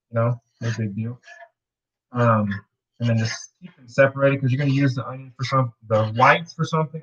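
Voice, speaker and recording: This cooking show host talks at a medium pitch, chatting his way loosely through a casual demonstration and toying with words as he goes. Everything comes through muffled.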